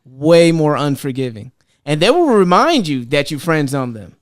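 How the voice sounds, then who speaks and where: A young man co-hosts a casual podcast in a slightly high, smooth voice. His pitch moves around a lot, and he stumbles and restarts as he works through his takes. The recording is close and dry. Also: sing-song, normal speed, no echo. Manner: stammers and restarts while giving his opinion. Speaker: podcast co-host. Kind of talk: casual chat.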